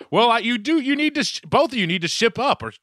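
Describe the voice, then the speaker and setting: Lively bright-voiced joking man. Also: extremely high pitch, no room sound, studio quality. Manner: joking, rambling, swears freely. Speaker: podcast co-host. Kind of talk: casual chat over video call. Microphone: video call.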